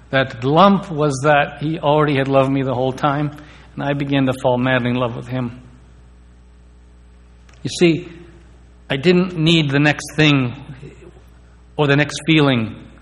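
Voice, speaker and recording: Man giving testimony in a reverberant hall. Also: on the high side. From India. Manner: earnest, stammers on key words. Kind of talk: personal testimony.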